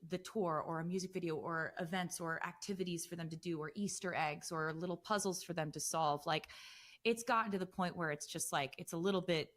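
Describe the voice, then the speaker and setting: A woman in her thirties, a guest on a casual podcast, telling animated stories with lots of fillers. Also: on the low side, a little fast. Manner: chatty, animated storytelling with frequent fillers. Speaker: guest musician.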